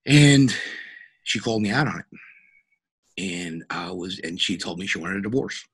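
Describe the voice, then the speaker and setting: A middle-aged man, a police officer, telling a personal story in a podcast interview in a halting, earnest way with many fillers and restarts. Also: low-pitched, lively intonation, slightly rough.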